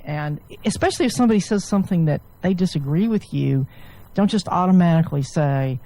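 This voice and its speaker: Mellow-voiced woman doctor musing. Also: on the low side, animated, a little fast, low-quality recording. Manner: thoughtful, restarts often, rambling explanations. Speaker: guest author, physician. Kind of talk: casual interview chat.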